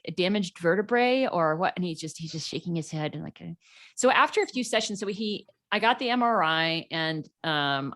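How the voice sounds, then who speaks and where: Casting note: middle-aged woman guest, slightly low voice, animated storyteller doing quoted voices. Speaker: podcast guest. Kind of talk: casual storytelling interview.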